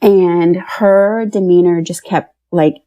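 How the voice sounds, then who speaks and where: A woman in her thirties, originally from Pennsylvania, speaks in a fairly low, warm and mellow voice. She tells a personal story as a podcast guest, animated and acting out each exchange as she recalls it. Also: slow, lo-fi sound. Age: 30s. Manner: animated, acts out dialogue in her retelling.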